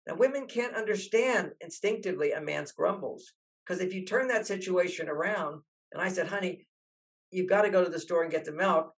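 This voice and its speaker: An older man, a relationship author, telling stories in an interview and acting out the people he quotes. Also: high-pitched. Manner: animated, acts out quoted voices. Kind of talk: storytelling interview talk.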